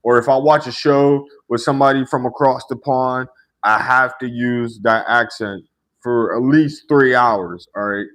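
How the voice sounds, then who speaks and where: A man's voice: mid-range voice, a little slow, fairly bright tone. A man hosting a casual livestream, talking to chat in a laid-back way, laughing often and tagging sentences with "right?". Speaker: livestream host chatting with viewers. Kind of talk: casual live-stream chat.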